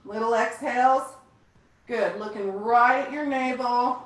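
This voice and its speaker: Upbeat woman trainer, fairly high, crisp bright tone, distant echoey video-call sound. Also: unhurried. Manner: upbeat, encouraging, counts down reps. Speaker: fitness instructor. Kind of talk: leading a live online workout class. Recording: echoey room, distant from mic.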